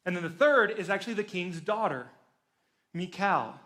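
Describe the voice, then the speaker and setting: A man's voice: high voice, expressive, moderate pace, bright, forceful tone. A young man preaching to teenagers as a youth pastor, telling a story casually and with energy, adding jokes. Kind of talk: sermon to teens.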